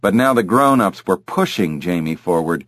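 A man narrating an audiobook in a measured, expressive way. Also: sits low, no room sound, clean studio sound. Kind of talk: scripted narration.

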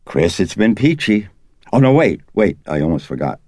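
A man with a very deep, creaky voice reading an audiobook, voicing a gentle, sad young Jesuit priest who speaks softly and reassuringly. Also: very animated, normal speed, no echo, clean studio sound.

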